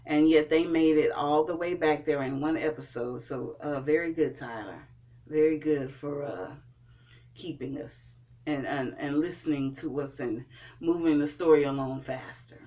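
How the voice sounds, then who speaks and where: A vlogger recapping and reviewing a TV episode in a casual way, pausing often and restarting sentences. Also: medium pitch, darkish tone. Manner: hesitant, with frequent fillers and restarts. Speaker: TV show reviewer.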